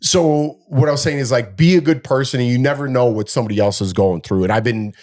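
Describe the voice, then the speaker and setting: A middle-aged man co-hosting a casual podcast, telling a long story and acting out the quotes with a raised, animated voice. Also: mid-range voice, fast talker. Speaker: podcast co-host.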